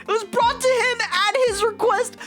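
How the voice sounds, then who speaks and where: A woman's voice: very animated, faint music behind. A woman doing a cool, smug young prosecutor. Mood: composed. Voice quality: lowered, measured reading voice.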